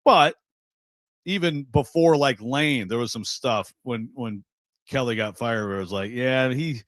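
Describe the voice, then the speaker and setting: A man's voice: medium pitch, a little slow, a bit bright, dry recording. A man from Western Michigan co-hosting sports radio, chatting in a rambling, jokey way. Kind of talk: casual radio banter.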